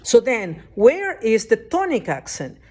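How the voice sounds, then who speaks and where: A woman's voice: on the high side, wildly swooping pitch, a little slow, dark tone. A woman teaching a lesson at a whiteboard, explaining step by step and often checking that the class understands. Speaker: Spanish teacher.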